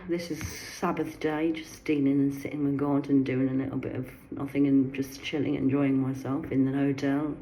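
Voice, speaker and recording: A woman's voice: extremely low pitch, a little mellow, poor audio. Agitated older woman ranting. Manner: agitated, swings from muttering to outbursts, swears. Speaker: vlogger. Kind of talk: rambling personal monologue to camera. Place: sitting in her garden outdoors.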